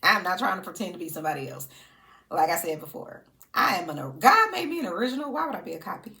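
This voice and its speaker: A sassy woman gives casual reaction commentary on reality TV. Her low-pitched voice swings widely and animatedly, and she breaks into laughter often. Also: expressive, fast, pushed and bright.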